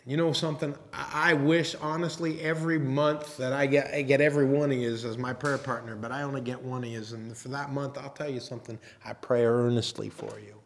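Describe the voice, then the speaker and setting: A man preaching a sermon as pastor, talking in a conversational, halting way with restarts and teasing asides. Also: medium pitch, fairly even intonation, creaky. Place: church sanctuary.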